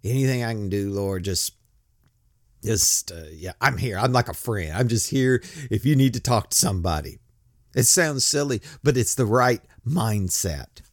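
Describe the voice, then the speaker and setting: Lively low-voiced man preaching casually. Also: moderate pace, no echo, clean studio sound. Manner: conversational and joking, with many restarts. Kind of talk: casual sermon with bible reading.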